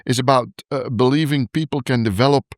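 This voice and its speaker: A man's voice: mid-range voice, fairly even intonation, fast talker, dry recording, clean studio sound. A man hosting a podcast interview, affirming his guest often and reflecting on her points. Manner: affirming, often backchannels with yeah. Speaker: podcast host.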